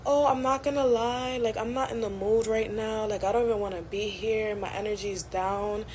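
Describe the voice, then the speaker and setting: A woman voicing a whiny, entitled young woman coworker, in a high voice with lots of fillers. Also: fairly even intonation, normal speed, a little mellow, slight background noise, close to an everyday voice.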